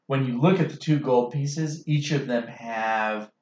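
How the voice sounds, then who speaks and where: A man narrating as game master of a tabletop game, unhurried with dry humor. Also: medium pitch, a little mellow. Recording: echoey muffled room mic.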